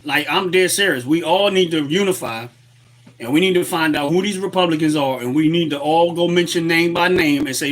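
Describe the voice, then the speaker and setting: Brisk and fairly bright, this man's slightly high voice carries a heated, repetitive rant on his political livestream. Fired-up, he greets chat viewers and reads their messages aloud, using a webcam setup at his desk.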